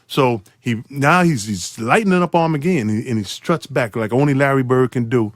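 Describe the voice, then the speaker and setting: Talking fairly quickly, this male storyteller guest animatedly recounts a sports tale, voicing the quotes with jumpy pitch leaps and frequent laughter. The studio-quality audio has no echo.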